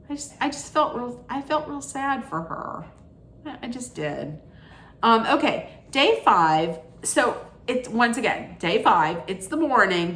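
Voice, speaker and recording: A woman's voice: fairly high pitch, a bit bright, echoey room, a little hiss or hum. A woman hosting a reality TV recap, giving blunt, judgmental commentary in an opinionated rant.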